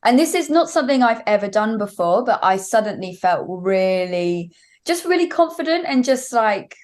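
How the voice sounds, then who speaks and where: A woman's voice: medium pitch, sing-song, moderate pace, a little mellow. A young woman singer, a guest on an interview show, telling a story at length with many fillers. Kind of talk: casual interview chat.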